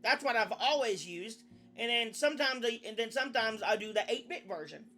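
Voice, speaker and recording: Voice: mid-range voice, lively intonation, brisk, bright, forceful tone, soft background music. A young adult VTuber chatting casually on a live stream, rambling, often restarting sentences and swearing now and then.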